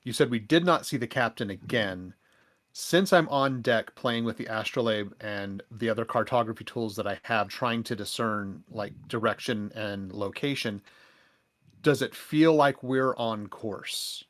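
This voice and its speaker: A male player with a lowish voice asks careful, probing questions at a tabletop game. He thinks out loud in measured phrases. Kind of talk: tabletop role-play.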